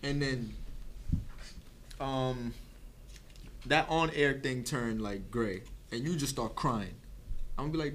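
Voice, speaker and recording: A man's voice: mid-range voice, slow pace, pauses often, fairly bright tone, a little hiss or hum. A man, co-hosting a podcast in casual chat, telling stories loosely with restarts and swearing. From New York. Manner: storytelling, rambling with restarts and swearing. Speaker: podcast co-host.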